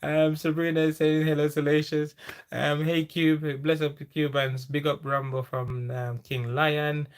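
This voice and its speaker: A Jamaican-accented man hosts a casual livestream, reading viewer comments aloud and answering them. He chats loosely, laughs often and drifts into patois. His voice sits a little higher than most men's. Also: level tone, measured pace. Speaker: livestream host. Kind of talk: casual live-chat reading.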